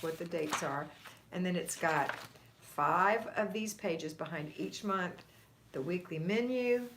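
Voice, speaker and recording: Lady, middle aged, lowish voice, chatty motherly pep talk on a home live stream, bit of faint noise behind. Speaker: homemaking coach live-streaming.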